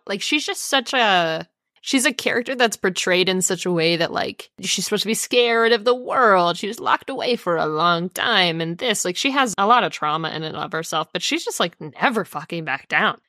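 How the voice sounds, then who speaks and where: A young woman co-hosting a casual book podcast, animated and swearing freely as she laughs through her reactions. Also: medium pitch, moderate pace, no echo, studio quality. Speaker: podcast co-host.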